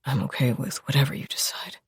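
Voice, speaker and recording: A woman voicing a tender young man in a low, whispered murmur, a whispered role-play. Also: animated, measured pace, a little mellow, slightly rough, no echo, studio quality, full character voice.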